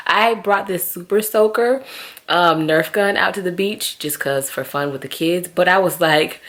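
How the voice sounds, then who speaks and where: Black woman vlogging, chatty and gossipy, kinda low voice, talks to you like a girlfriend. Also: normal speed. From Southern US. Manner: animated, gossipy, talks to viewers as "girl". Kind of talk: casual chatty storytelling to camera.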